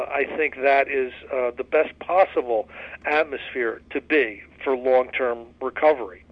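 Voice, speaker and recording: A man's voice: medium pitch, dull audio. A man leading a recovery study discussion in an earnest, folksy way, with many restarts and fillers. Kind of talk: casual spoken study discussion.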